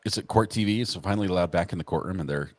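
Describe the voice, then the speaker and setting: A man's voice: low voice, very fast, no room sound. A man chatting as a livestream guest who asks lots of curious questions and often repeats words as he starts. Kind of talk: casual livestream chat.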